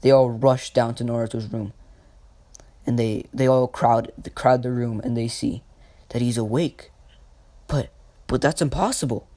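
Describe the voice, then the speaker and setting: A man casually narrating a fan story, halting and slow, with many restarts. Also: medium pitch, little pitch movement, dark tone, no room sound.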